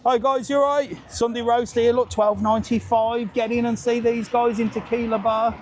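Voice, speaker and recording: A man's voice: extremely high pitch, little pitch movement, moderate pace, slight background noise. Male travel vlogger, casual walking live stream outdoors, cheeky banter, faint ambience behind. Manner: chatty, cheeky banter with passers-by. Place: outdoors on a seaside resort street.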